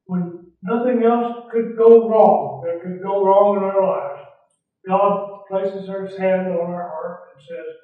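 High-voiced preacher in an echoey hall. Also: male voice, steady tone, slow pace. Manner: earnest, repeating phrases for emphasis. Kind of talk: sermon. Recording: echoey far-off church recording over a phone-like line.

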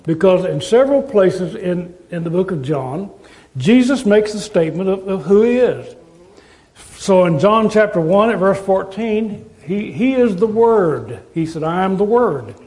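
A man preaching a sermon as pastor, earnestly listing scripture verses and slowing down to stress quoted words. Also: high voice, animated, darkish tone, low-quality recording.

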